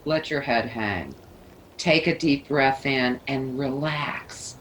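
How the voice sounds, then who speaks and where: A woman leading a yoga class, giving calm, soothing cues. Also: extremely low pitch, slow pace, a little hiss or hum, poor audio. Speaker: yoga teacher. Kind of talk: guided yoga instruction.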